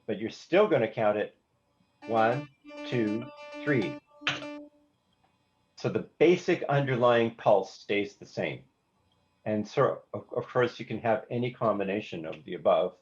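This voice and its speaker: A man's voice: on the low side, animated, moderate pace, a little mellow, faint music behind. A man teaching a songwriting class, explaining note values with frequent restarts and singing rhythms out on nonsense syllables. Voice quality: hesitant, restarts words, sings rhythms on "da". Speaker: songwriting instructor. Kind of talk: classroom lesson with live demonstration. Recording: slightly dull, lo-fi class recording. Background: faint instrument playback.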